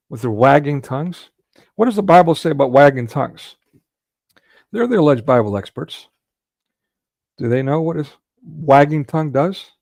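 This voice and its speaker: Gravelly guy ranting at clips, indignant, lots of rhetorical questions, dry close sound. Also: on the high side, a little mellow, no room sound. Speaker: commentary channel host reacting to clips. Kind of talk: heated commentary monologue.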